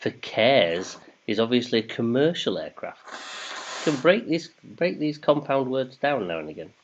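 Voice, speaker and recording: A man's voice: medium pitch, very animated, normal speed, slight background noise. A man hosting a casual quiz, chatty and jokey, reading questions in English and then in German. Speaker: quiz host. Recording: dull lo-fi sound.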